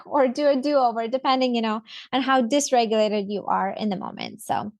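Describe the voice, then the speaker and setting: Chatty mom host, higher voice. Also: female voice, moderate pace, darkish tone, no echo. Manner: chatty, laughs often, acts out kids' voices. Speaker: podcast host. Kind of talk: casual interview chat.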